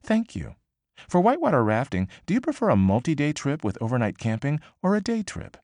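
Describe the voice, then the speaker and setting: A man voicing an automated survey program with a woman's newscaster-like voice, asking polite scripted questions in a higher, brighter register. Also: huge pitch swings, brisk, no echo, studio quality. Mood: politely inquisitive.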